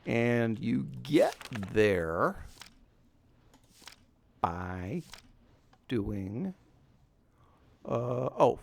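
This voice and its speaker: Gravelly man narrating a game. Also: mid-range voice, sing-song, extremely slow, pauses often. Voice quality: scratchy voice. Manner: rambling, self-deprecating, chuckles often. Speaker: let's play host. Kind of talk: casual gameplay commentary.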